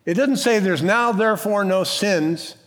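A man's voice: high-pitched, unhurried, fairly bright tone. A man who is a pastor, preaching a sermon in a church with an emphatic, conversational style, rhetorical questions and bits of humor.

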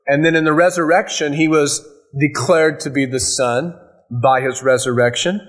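A male pastor teaching an expository sermon, working through scripture verse by verse and slowing down to quote passages. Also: mid-range voice.

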